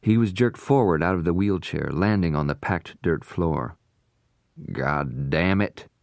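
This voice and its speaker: Male narrator, very deep voice, steady storytelling, dry close studio mic. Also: normal speed, creaky, no echo. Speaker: audiobook narrator. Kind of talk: scripted narration.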